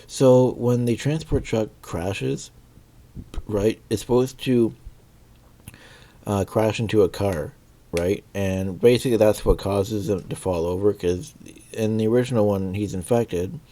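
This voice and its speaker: Deep, mellow-voiced man rambling a review. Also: unhurried. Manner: rambling, many fillers and restarts, searching for words. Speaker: video reviewer. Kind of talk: casual spoken review.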